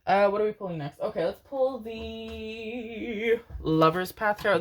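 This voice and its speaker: A woman reading tarot cards for viewers, speaking gently and affectionately, calling them darlings and babies, with the odd casual swear. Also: medium pitch, measured pace. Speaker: tarot card reader. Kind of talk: channeled pick-a-card tarot reading.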